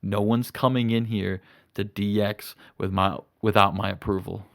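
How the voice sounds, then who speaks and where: A man's voice: on the low side, little pitch movement, normal speed, vocal fry, pitched below the performer's own voice. A man voicing a domineering male wrestling champion who talks bluntly and profanely. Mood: menacing.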